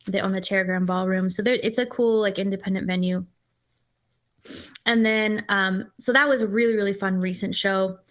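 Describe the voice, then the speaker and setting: A woman's voice: mid-range voice, fairly even intonation, moderate pace. A woman guest musician chatting casually in an interview, telling stories with enthusiasm. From Los Angeles-based. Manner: talks with her mouth full. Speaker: singer-songwriter guest.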